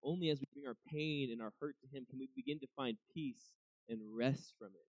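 A man's voice: medium pitch, lively intonation, fairly quick, breathy edge, no room sound, dull audio. A young man giving a casual devotional talk, conversational, often acting out what people might say to God. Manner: conversational, acts out quoted voices, many restarts. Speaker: preacher.

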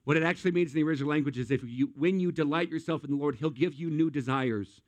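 A man's voice: fairly high pitch, quick pace, no room sound. A middle-aged man, a pastor, preaching a sermon with humorous, self-deprecating stories.

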